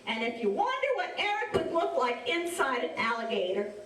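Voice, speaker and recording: A woman from south Louisiana with a Cajun accent, telling a story to children in an animated, drawn-out way and asking them questions. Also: sits high. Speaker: storyteller and face painter. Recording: echoey room from a distance.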